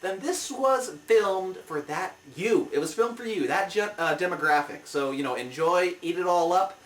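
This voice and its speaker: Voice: medium pitch, expressive, moderate pace. A comic review show host giving a heated, exasperated movie review rant. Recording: roomy, mic at a distance.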